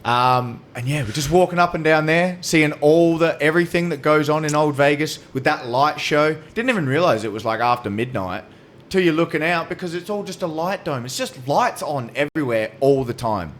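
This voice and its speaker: A man's voice: on the high side, moderate pace, a little hiss or hum. A young man, chatting casually as a podcast guest and telling long, rambling stories with frequent laughter. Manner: rambling storyteller, laughing often. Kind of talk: casual chat.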